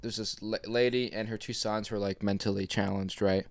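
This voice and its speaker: A man's voice: lowish voice, steady tone, brisk, slight background noise. A young man co-hosting a casual podcast, telling childhood stories and laughing through them. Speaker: podcast co-host. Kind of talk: casual chat.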